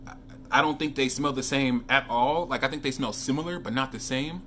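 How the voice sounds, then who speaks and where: Reviewing fragrances in a casual vlog, a man with a mid-range voice talks fairly quickly. He's chatty and animated, weaving in stories and remarks to his viewers, over slight background noise.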